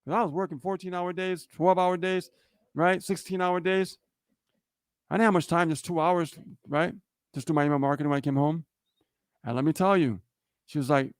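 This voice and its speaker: A man's voice: a little high, fairly even intonation, moderate pace, pauses often, clear, resonant tone, no room sound, clean studio sound. A man co-hosting a livestream, telling a story in a casual motivational way and often checking in with "okay?" and "right?". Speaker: livestream co-host.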